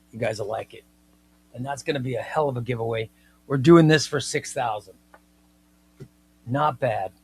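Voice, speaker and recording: A man hosting a casual live comics stream, chatting with viewers and reading their comments in a playful, excitable way. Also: mid-range voice, breathy edge, no echo.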